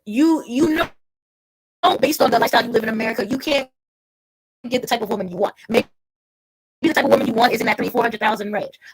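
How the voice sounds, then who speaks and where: A woman's voice: on the high side, a little fast, pauses often, slightly rough, rough recording. A woman hosting a casual livestream, talking bluntly and lecturing a viewer. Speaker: livestream host.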